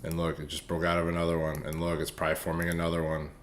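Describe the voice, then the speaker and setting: A man's voice: deep voice, completely flat delivery, rapid-fire, slight background noise. A man casually reviewing stock charts for viewers, loose, profane and hyped up. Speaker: stock trading streamer.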